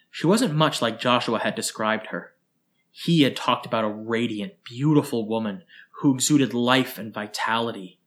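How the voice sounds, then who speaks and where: Man, narrator, storybook reading, steady, expressive, mid pitch. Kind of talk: scripted narration.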